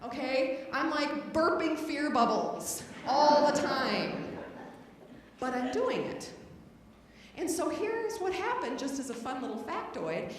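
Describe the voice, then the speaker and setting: A woman spiritual director, giving a humorous sermon and acting out her own scared voice and loud outbursts. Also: high-pitched, big pitch swings, slow, slight background noise. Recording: roomy hall, voice from a distance.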